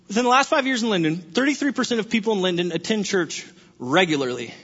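High-voiced husky preacher in a reverberant hall. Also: male voice, fast. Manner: animated, conversational preaching with rhetorical questions. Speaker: pastor. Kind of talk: sermon. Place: church sanctuary. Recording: dull, husky sound with long hall reverb.

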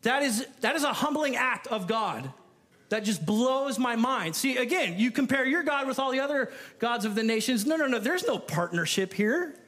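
Male pastor, high voice, animated sermon delivery, playful asides. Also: moderate pace. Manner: animated, playful, acts out the people in the story.

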